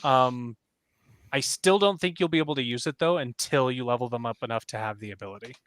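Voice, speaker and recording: A man's voice: mid-range voice, fairly quick, a bit bright, no echo. Chatty young man running a tabletop game. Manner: chatty, laughs easily, many fillers. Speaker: game master.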